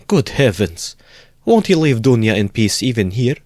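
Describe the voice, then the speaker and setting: Fretful mother, alarmed exclamations, raised pitch, louder than the reader's own voice, male reader voicing her, dry close recording. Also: very animated, moderate pace, dry recording, natural voice. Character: fretful middle-aged mother, easily frightened.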